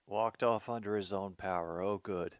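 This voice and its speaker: A man's voice: fairly low pitch, fairly even intonation, normal speed, no echo, clean studio sound. A man hosting his own show, reacting casually to a football game as he watches, muttering to himself.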